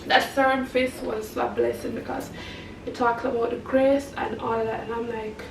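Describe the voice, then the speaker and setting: Woman vlogger, high voice, rambling and chatty, recorded from a distance in an echoey space. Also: level tone, normal speed, noisy background. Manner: rambling and chatty, laughs often. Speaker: vlogger and mother. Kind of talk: casual chat to camera.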